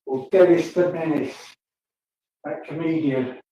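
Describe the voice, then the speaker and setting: Older man, slow, slightly high voice, tired, swearing, echoey room, distant mic. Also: steady tone, mellow, highs cut off, slight background noise. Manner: crude, swearing, laughing often. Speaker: livestream host. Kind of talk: rambling casual chat to viewers.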